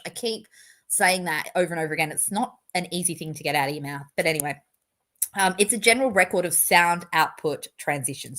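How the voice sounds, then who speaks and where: A young adult woman hosting a casual technical chat, animated and joking at her own expense. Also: low voice. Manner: animated, self-mocking, jokey asides. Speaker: host.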